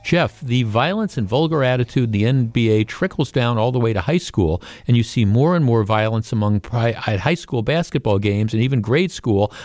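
A male radio host chats through the news in a loose, conversational way, often stopping and restarting his sentences. His voice sits at an ordinary middle pitch, and the studio sound is dry and close, with no room echo. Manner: conversational, with frequent restarts, and animated when quoting. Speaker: radio talk show host. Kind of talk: casual talk radio monologue. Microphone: studio microphone.

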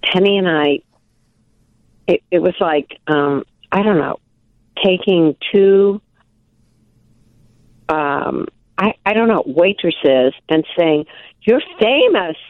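Older lady from milwaukee telling animated stories, thin phone-line sound, dead dry. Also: lowish voice, slow, pauses often, dry recording. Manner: animated, self-deprecating, many restarts. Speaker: guest, actress and author. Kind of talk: casual interview storytelling.

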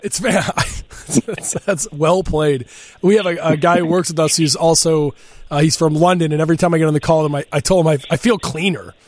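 A man's voice: fairly high pitch, fairly even intonation, a little fast, darkish tone, no echo. A man hosting a radio talk show, chatting casually and laughing easily.

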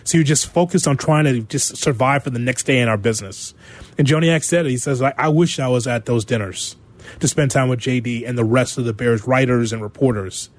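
Radio host guy, mid-pitch voice, chatty, thinking out loud about the business. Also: fairly quick. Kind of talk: sports talk radio.

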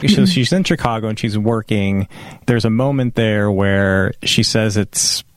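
A man with a slightly low voice co-hosts a casual podcast, chiming in with relaxed agreements and short remarks. He is recorded close and dry. There is no reverb. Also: measured pace. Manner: relaxed, brief agreeing interjections. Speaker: podcast co-host. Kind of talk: casual chat reviewing a movie.

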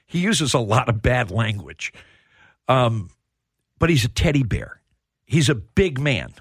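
A man hosting a sports radio show, telling stories in a heartfelt, halting way. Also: medium pitch, very animated, husky, no room sound, studio quality. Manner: storytelling, emotional, repeats words when starting. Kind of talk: casual sports talk.

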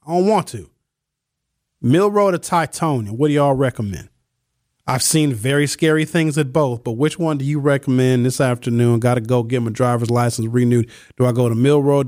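A man's voice: medium pitch, moderate pace, darkish tone, no room sound, studio quality. A man hosting a call-in talk show in a chatty, joking way. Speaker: radio talk show host. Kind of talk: casual call-in show chat.

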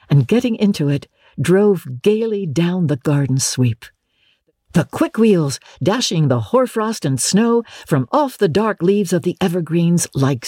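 An audiobook narrator giving a measured, expressive storybook reading in a dry studio booth. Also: mid-range voice, husky, dry recording.

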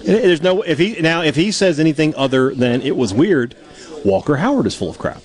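A man co-hosting sports radio, joking and sarcastic with sharp emphasis. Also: fairly high pitch, animated, a little fast. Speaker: sports talk co-host. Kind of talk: casual sports radio banter.

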